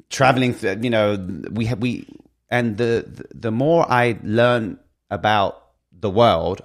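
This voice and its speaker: A man hosting an interview, replying in a hesitant, rambling way with many restarts. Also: lowish voice. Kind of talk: conversational interview.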